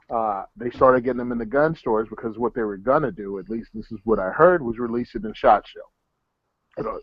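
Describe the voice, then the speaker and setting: A man's voice: medium pitch, no echo, dull audio. A man on a podcast, chatting casually, joking and passing along industry rumors.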